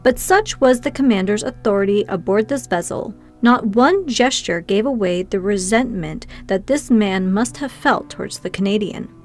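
A woman narrating a classic novel as an audiobook in a steady, measured reading. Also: mid-range voice, soft background music. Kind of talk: first-person scripted narration.

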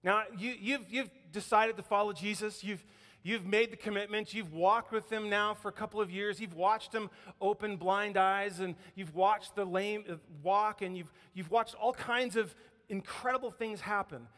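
A man with a fairly high voice preaches in a church. He tells the story with lively energy and puts on voices for the quotes. A long reverb from the hall trails behind his words. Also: moderate pace. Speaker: pastor. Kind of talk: sermon. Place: church sanctuary.

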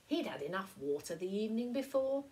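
A woman primary school teacher reading a picture book aloud to young children, with slow, expressive storytelling. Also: medium pitch, poor audio.

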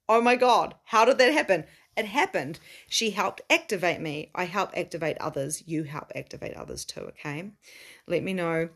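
A middle-aged woman, speaking casually to her viewers as a spiritual coach. She talks earnestly, swears now and then, laughs often, and swings between slow emphatic statements and excited bursts. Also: fairly low pitch. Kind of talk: casual live stream to viewers.

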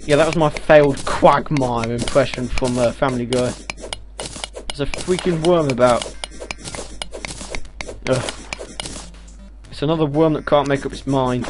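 A man giving casual gameplay commentary on a headset, excitable, breaking into loud exclamations and talking back to enemies on screen. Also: fairly high pitch, a little slow, pauses often. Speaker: video game let's player. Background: game music.

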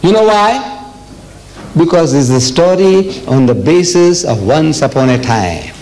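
An older man delivers a religious lecture in a hall. His voice sits a touch high for a man, and he drives points home by repeating phrases and firing rhetorical questions at the audience. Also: animated, unhurried, darkish tone. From South Africa. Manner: emphatic, repetitive preaching with rhetorical questions. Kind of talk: public lecture.

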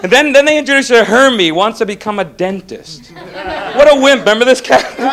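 A young man doing a stand-up comedy set on stage, animated and mocking, slipping into character voices. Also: extremely high pitch, a little fast, a crowd in the background, noisy background. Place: comedy club stage before a live audience. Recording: live club recording with audience laughter.

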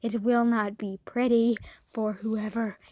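A young woman with a high voice, narrating her gameplay in a slow drawl that keeps erupting into profane rants and yelps. The sound is dry and close, with no room around it. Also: level tone, dark tone, no echo. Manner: profane, raging outbursts and shrieks. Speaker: gaming YouTuber. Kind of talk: gameplay commentary.

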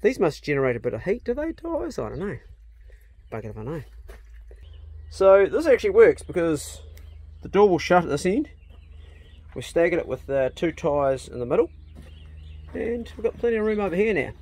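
A man's voice: high-pitched, moderate pace, pauses often, breathy edge. A New man, chatting casually and joking while building a garden in a glasshouse. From New Zealand. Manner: relaxed, joking, swears casually. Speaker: channel host.

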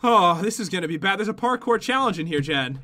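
Giggly man with a bright voice. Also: high-pitched, quick pace. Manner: giggly, apologetic, excitable. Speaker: co-host playing a video game. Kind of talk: casual gaming commentary.

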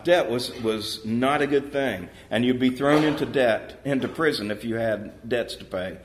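A male pastor preaching a sermon in a church, telling a parable with lively changes of voice and rhetorical questions to the congregation. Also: slight background noise. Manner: animated storytelling, voicing parable characters with pitch jumps. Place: church sanctuary.

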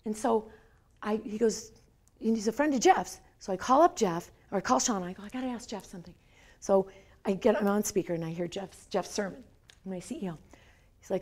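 Lecture speaker, woman, 50s, lively storyteller acting out quotes, slightly high voice. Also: fairly quick. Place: lecture hall.

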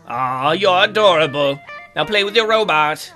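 Excitable high-voiced male game commentator. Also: moderate pace, soft background music. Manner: excitable and jokey, swears freely. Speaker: let's play host. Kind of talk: casual gameplay commentary.

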